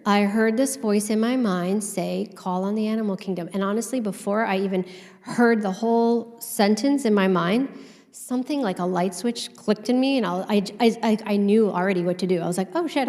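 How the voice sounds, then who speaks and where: A woman's voice: medium pitch, normal speed. Candid woman storyteller in a reverberant hall. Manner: candid, animated storytelling with casual swearing. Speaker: conference speaker. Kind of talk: storytelling talk on stage. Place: conference hall stage.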